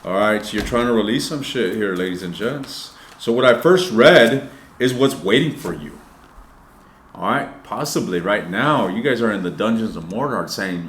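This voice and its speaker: A man's voice: fairly low pitch, animated, normal speed, a bit bright, roomy sound, slight background noise. A man giving a casual, loose tarot reading, swearing freely and talking straight to his viewers. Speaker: tarot reader.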